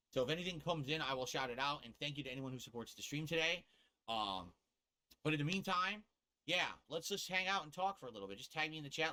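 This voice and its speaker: A man's voice: on the high side, sharp tone. A man from the US East Coast ranting and cursing on a casual live stream, laughing at himself as he goes.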